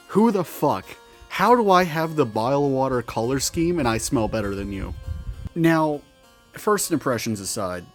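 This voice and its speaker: A weary, sardonic male monster with tails, played by a man tells his story in a rambling, profane and exasperated way. The voice sits at an everyday middle pitch. Soft music runs faintly underneath. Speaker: roleplaying storyteller. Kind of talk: in-character storytelling vlog.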